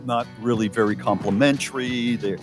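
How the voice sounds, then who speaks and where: A middle-aged man co-hosting a casual radio show, telling stories with lively jokes. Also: medium pitch, moderate pace, over music. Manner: animated, storytelling, mock voices for jokes. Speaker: co-host.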